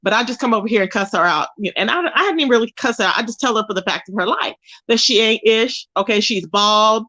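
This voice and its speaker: A woman with a high voice chats on her livestream. She reads the chat out loud and roasts a rival with sass. She drawls pet names like baby and boo between her jabs. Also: fast talker, lo-fi sound. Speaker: livestream host.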